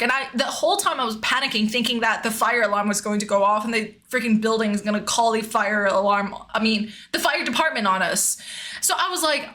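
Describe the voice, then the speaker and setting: A young woman streamer shares a story in casual chat, her voice high and bright. She's animated, swears freely, and laughs a lot.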